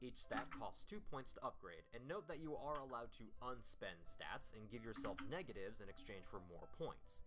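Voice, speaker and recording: A man narrates game rules in a clear, methodical, scripted way. His voice sits low but swings widely in pitch, with music playing clearly under it. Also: expressive, moderate pace, hardly any pauses. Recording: narration over background music.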